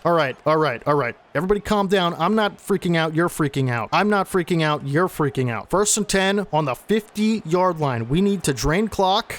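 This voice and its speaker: A young man giving play-by-play commentary over a football video game he is playing, excitable and talking to viewers as folks. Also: sits high, slight background noise. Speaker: gaming channel host.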